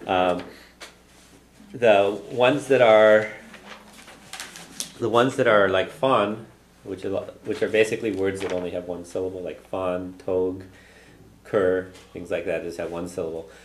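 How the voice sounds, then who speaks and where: A man's voice: sits low, fairly even intonation, a little slow, long pauses, slight background noise. A man teaching a classroom language lesson. He explains patiently, models phrases for students to repeat, and often checks in with "okay?". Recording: echoey room with class chatter.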